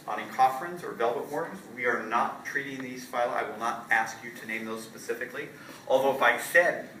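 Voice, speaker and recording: A man lecturing a class in a casual, conversational way, tossing out questions and checking in with his students. His bright, forceful voice carries from a distance, heard in an echoey lecture hall with a faint hum behind it. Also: mid-range voice. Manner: casual, quizzing students with frequent "right?". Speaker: college zoology lecturer. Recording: roomy lecture hall from far off, light noise.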